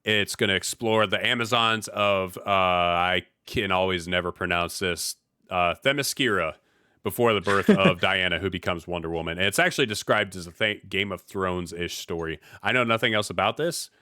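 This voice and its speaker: A man's voice: low voice, normal speed, sharp tone, smooth, no room sound, clean studio sound. A man from the US Midwest hosting a podcast in casual chat, laid-back with slang and frequent restarts. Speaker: podcast host.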